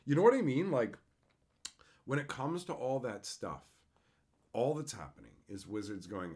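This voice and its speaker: A man's voice: fairly low pitch, expressive, a little fast. A man hosting a live stream, ranting in a sarcastic, profane way and answering chat as he goes. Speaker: streamer host. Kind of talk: profane livestream rant.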